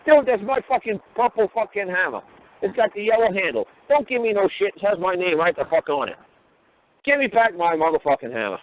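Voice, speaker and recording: A man's voice: sits high, animated. Blunt profane man on a phone line. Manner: blunt, profane, rapid rhetorical questions. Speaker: talk show guest lecturer. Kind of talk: profane call-in talk.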